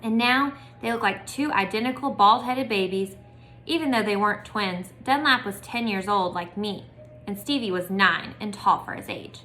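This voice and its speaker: A woman's voice: medium pitch, moderate pace, sharp tone, soft background music. A woman casually reading a children's book aloud with friendly, chatty asides. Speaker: storybook reader. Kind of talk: casual read-aloud storytelling.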